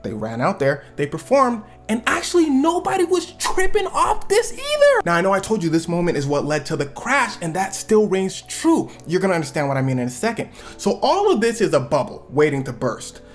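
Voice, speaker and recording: Man from the US for a comedic story recap channel, lively and slangy, hops into voices for the people he quotes, faint backing music. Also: fairly high pitch, a little fast, hardly any pauses. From United States. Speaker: YouTube storyteller and reviewer.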